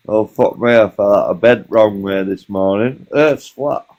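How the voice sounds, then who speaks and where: A deep, slow-spoken man hosting a livestream, his voice dark and relaxed. He banters with guests, laughing often and swearing freely. The audio is muffled and lo-fi. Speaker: livestream host. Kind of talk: casual chat.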